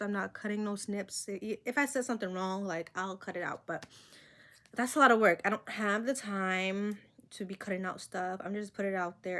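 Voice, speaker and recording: A woman's voice: medium pitch, fairly bright tone. A young woman vlogger with a slight accent of her own, talking to her camera in a rambling, candid and self-conscious way. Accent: own non-American accent. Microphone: camera mic.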